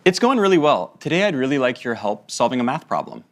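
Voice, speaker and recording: A man's voice: medium pitch, very animated, fast talker. Casual man talking through a demo. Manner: casual, friendly, conversational. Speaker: presenter. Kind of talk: live product demo.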